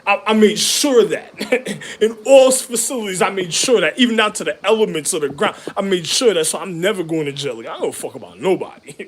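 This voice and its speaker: A man in a rambling, profane monologue, full of street slang, jumping between loud laughing outbursts and low mutters. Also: animated, fairly quick, slight background noise.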